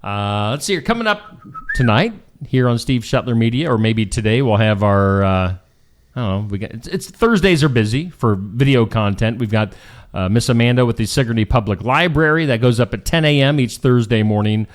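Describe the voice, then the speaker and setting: Upbeat man with lively pitch. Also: brisk. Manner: upbeat, joking, rambling. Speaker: co-host of a local morning show. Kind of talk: casual chat.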